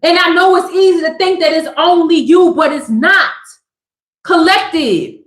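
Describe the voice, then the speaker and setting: A woman's voice: extremely high pitch, a little slow, echoey room. A middle-aged woman giving a motivational spiritual reading to her viewers, emphatic and affectionate, often repeating her phrases. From Southern California.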